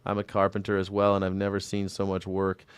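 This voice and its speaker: Profane, rambling man commentator, crisp and dry. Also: low-pitched, monotone, fairly quick, no room sound. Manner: rambling, profane, jokey, talks back to viewers by name. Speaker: independent news and culture commentator. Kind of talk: casual livestream commentary, reading chat. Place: home in Southern California.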